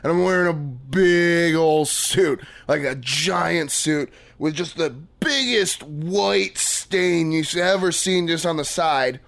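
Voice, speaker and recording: A man's voice: fairly high pitch, slow, vocal fry, few pauses, a bit bright, full character voice. A man playing an eager, rambling hack comic. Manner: rambling, eager, laughs at his own jokes. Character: clueless hack stand-up comic, young man. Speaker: guest comic. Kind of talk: comedy sketch acting. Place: radio studio.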